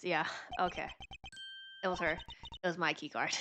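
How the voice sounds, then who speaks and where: A woman's voice: on the low side, very animated, takes it slowly, pauses often, over music. A woman streamer giving casual, joking commentary on a game playthrough, with slangy asides and laughter.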